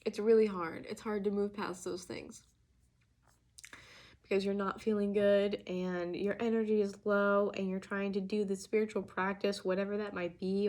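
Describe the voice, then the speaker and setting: Speaking in a mid-range, slightly mellow voice, this young woman gives a heartfelt, forceful channeled tarot reading. She keeps restarting and using fillers, and she becomes emotional along the way.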